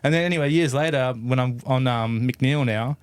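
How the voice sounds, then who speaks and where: A man's voice: medium pitch, moderate pace, clean tone, no room sound. Aussie guy in his 40s, easygoing chat, mid voice, dry close sound. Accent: Australian. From Adelaide, Australia. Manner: laid-back, heavy on fillers and swearing. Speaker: podcast guest, BMX rider. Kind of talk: casual storytelling.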